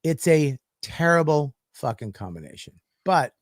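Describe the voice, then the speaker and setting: A man's voice: on the high side, very animated, unhurried, dry recording, clean studio sound. A man, a comedian and podcast host, telling stories in a profane, ranting way in casual chat.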